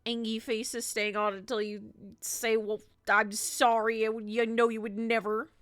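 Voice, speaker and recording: A woman streamer chatting casually to her viewers while playing, playfully indignant, jumping between loud exclamations and grumpy mutters. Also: on the high side, little pitch movement, normal speed, no room sound, studio quality. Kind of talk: casual live-stream chat.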